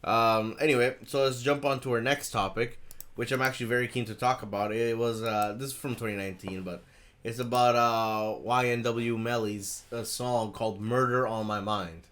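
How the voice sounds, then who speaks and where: A man co-hosts a relaxed podcast over a video call, his voice sitting at an ordinary middle pitch. He talks in a loose, excitable way, with frequent swearing and easy laughter. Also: moderate pace. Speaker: podcast co-host. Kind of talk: casual podcast chat.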